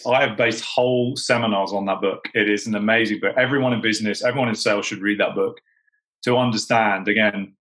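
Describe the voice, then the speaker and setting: A man's voice: on the low side, fairly even intonation, brisk, a bit bright, low-quality recording. A British man speaking as a sales executive guest in a casual chat, emphatic and full of "you know" fillers. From United Kingdom.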